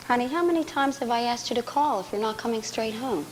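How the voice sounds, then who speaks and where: A caring but firm mother, played by a woman on stage, scolding gently. Her fairly high voice has faint background noise behind it. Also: quick pace, lightly acted.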